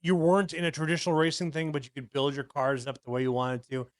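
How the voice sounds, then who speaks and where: A man's voice: on the high side, little pitch movement, fast, no echo. A man in his thirties co-hosting a podcast, rambling and swearing as he tells stories, with lots of restarts. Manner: rambling, profane, with many restarts. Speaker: podcast co-host. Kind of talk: casual podcast chat.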